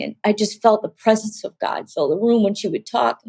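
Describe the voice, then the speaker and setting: A woman's voice: medium pitch, fairly quick, vocal fry, hardly any pauses, mellow, slightly rough, dry recording. A woman giving a personal faith testimony, telling her story vividly, acting out the voices she quotes, and at times close to tears.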